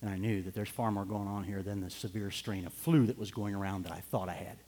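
A man's voice: fairly low pitch, steady tone, fast, warm tone. A middle-aged man preaching a sermon, telling a personal story in an earnest way and building to fervent urging. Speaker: pastor. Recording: long hall reverb.

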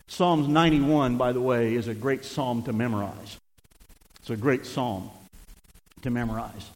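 An older man preaching a sermon as pastor, swinging between emphatic shouting and hushed, conversational asides. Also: mid-range voice, measured pace, long pauses, big-room sound, poor audio.

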